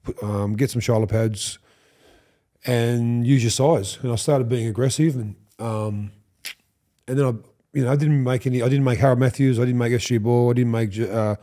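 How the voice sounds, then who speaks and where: An Australian man in his fifties, a podcast guest, telling animated stories, swearing freely and acting out what others said. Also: medium pitch, brisk. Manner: animated, swears, acts out quoted lines. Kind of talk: storytelling interview.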